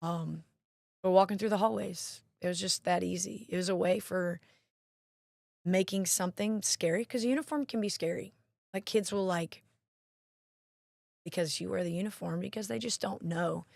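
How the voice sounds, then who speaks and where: Woman guest in an interview, kinda gravelly, lower voice, dry close sound. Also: moderate pace, long pauses, darkish tone, no room sound. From Mississippi. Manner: chatty storyteller, acts out quoted voices. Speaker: interview guest, National Guard marketing director. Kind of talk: casual interview chat.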